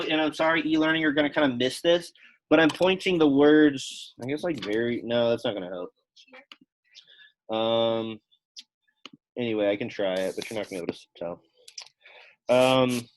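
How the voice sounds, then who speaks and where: A young man with a fairly bright, somewhat high voice teaches a Latin class, talking through grammar casually and with lots of fillers. He addresses both the classroom and students online. The audio is poor, with slight background noise.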